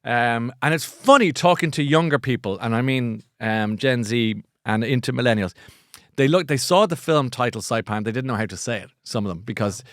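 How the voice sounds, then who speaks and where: A man's voice: medium pitch, moderate pace, no echo, studio quality. A middle-aged Irish man hosting a book show, chatting casually in a rambling, self-mocking, jokey way. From Ireland. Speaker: podcast host. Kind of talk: casual chat.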